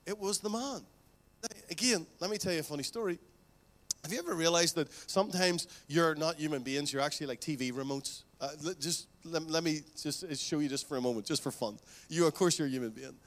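A male pastor preaching a sermon, telling stories with lively asides and acting out quoted voices. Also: on the high side, normal speed. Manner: animated storytelling, acts out quoted voices.

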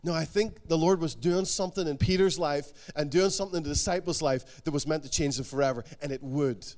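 A man preaching a sermon, animated, voicing the people in the stories he tells. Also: fairly high pitch, a little fast. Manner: animated, acts out the quotes he tells. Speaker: pastor.

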